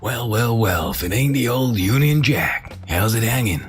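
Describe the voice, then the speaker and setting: A man plays a cocky, swaggering American flag in a homemade comedy skit. He talks in a put-on American accent. His voice swings up and down with lively energy. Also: mid-range voice, moderate pace, soft background music, lightly acted. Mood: cocky teasing. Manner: cocky, teasing.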